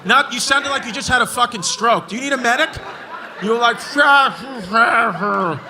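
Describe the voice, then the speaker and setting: A man with a New York accent doing brash, profane stand-up crowd work, roasting hecklers and often shouting. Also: extremely high pitch, brisk, background noise. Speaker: stand-up comedian. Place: comedy club stage with a laughing crowd. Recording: live club audio with crowd laughter.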